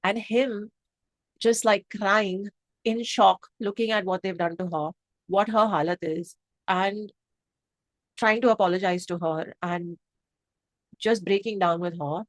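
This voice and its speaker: A woman's voice: mid-range voice, steady tone, unhurried, long pauses, no room sound. Passionate woman reviewing a film. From India. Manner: passionate and emotional, rambling with restarts. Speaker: movie reviewer. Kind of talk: unscripted review chat to camera.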